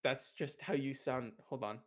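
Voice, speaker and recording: A young man co-hosting a casual podcast, playful and teasing, quick to laugh. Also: medium pitch. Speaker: podcast co-host. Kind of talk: casual chat.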